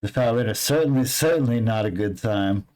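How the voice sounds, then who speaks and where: Brief: a man playing a shifty, stuttering street hustler pitched up high, wheedling and sly, for a tabletop game. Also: fairly quick, darkish tone, close to an everyday voice, poor audio. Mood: conspiratorial. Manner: stammering, repeats himself, sly.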